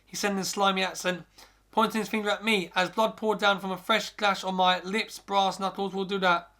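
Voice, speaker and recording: Man, high voice, gravelly fry, reading a scary story, frequent restarts. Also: little pitch movement, brisk, bright, forceful tone. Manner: first-person narration with frequent stumbles and restarts. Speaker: podcast host.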